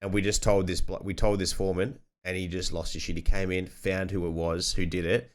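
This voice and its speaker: A man's voice: deep voice, little pitch movement, a little fast. A young Australian man hosting a casual podcast chat, swearing freely and acting out other people's lines as he tells stories. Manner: sweary storyteller, acts out other people loudly. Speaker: podcast host.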